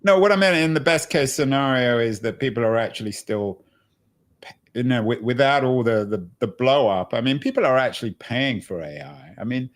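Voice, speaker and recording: Male interview host, wry and joking, mid-pitched, halting restarts. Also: lively intonation. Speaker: podcast host. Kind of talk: conversational interview.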